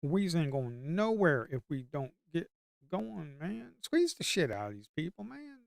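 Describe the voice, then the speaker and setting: A man with a smooth, fairly high voice gives loose live-trading commentary from a home desk. He coaxes the chart aloud and mutters curses at it. The recording is dry and close. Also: very animated, measured pace, dry recording. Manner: talks to the screen, coaxing the market aloud; mutters and curses under his breath. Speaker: livestream day trader.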